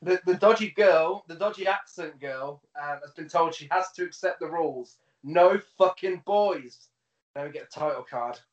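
This podcast co-host is a man with a fairly high voice who talks fairly quickly and barely pauses. He chats casually about a film, swearing, laughing and telling stories animatedly, in a recording that sounds roomy, distant and dull.

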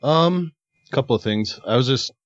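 Man, casual podcast chat, hesitant, halting, lowish voice, dry dull sound. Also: lively intonation, dry recording. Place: small studio room.

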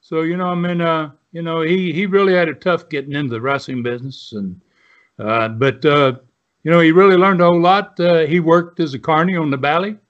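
An older man in his seventies tells long stories at a loose, rambling pace, full of uh and you know. His voice sits a little high, and the audio sounds dull and lo-fi, like a remote connection. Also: fairly quick. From Southern United States. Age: 70s. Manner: rambling storyteller with many fillers. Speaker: guest, retired pro wrestler. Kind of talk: storytelling interview.

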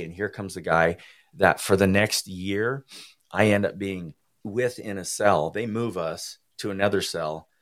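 A man as an interview guest, telling his personal recovery testimony in an earnest, emotional, halting way. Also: sits low, a bit bright.

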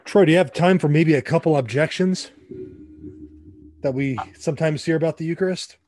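A male host asks his questions slowly and deliberately. His voice is warm and mellow, and it sounds dry and close, with no room echo. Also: a little high. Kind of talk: casual interview questions.

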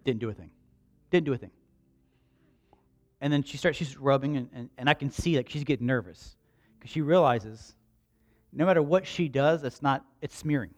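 A man preaching a sermon, telling a personal story in a hushed voice, then building to loud, slow, emphatic lines. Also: mid-range voice. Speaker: pastor.

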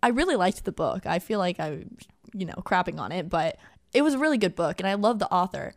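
A young woman co-hosting a podcast, telling a story in animated casual chat with many filler words. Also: on the low side, fairly quick. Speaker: podcast co-host.

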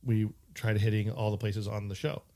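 A man hosting a podcast, telling stories in casual chat and slipping into quick imitations. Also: lowish voice. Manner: animated storyteller, slips into imitations. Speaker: podcast host.

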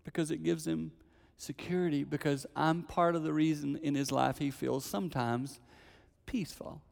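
Older male preacher, gravelly voice, animated storyteller, live hall reverb. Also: a little high, normal speed. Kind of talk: sermon storytelling.

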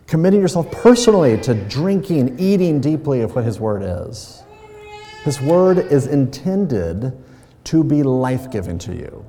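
A man's voice: on the high side, dark tone. A man pastor delivering a sermon in a conversational way, using playful everyday examples. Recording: long reverb of a large hall.

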